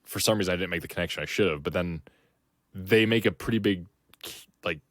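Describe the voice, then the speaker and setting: Speaking fairly quickly in a low, fairly bright voice with no echo, this man co-hosts a podcast. His talk is loose and rambling, packed with fillers and restarts.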